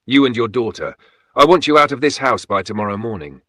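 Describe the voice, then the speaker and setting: A man's voice: mid-range voice, animated, brisk, bright, forceful tone, dry recording, studio quality, pitched above the performer's own voice. A man doing an emotional, remorseful father. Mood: cold. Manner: emotional, pleading, angry. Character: remorseful middle-aged father, enraged then broken.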